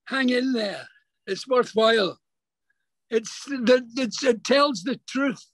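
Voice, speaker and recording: Older man, very high voice, halting, repeats words, dry close sound, video call interview. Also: fairly bright tone, dry recording, low-quality recording. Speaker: actor guest. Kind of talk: remote interview, casual storytelling.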